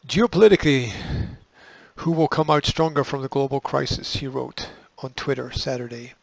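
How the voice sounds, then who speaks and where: A man's voice: medium pitch, moderate pace, vocal fry, no room sound, low-quality recording. A man hosting a show, reading news items aloud and breaking off with sarcastic, dismissive asides. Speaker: host.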